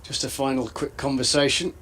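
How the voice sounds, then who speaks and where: A man giving thoughtful, measured live cricket analysis as co-commentator. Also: mid-range voice, flat delivery, a bit bright, a little hiss or hum.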